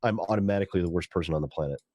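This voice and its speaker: A man's voice: sits low, very fast, crowd noise. A man in casual chat before a tabletop game, ranting in a rambling way. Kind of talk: casual chat among players.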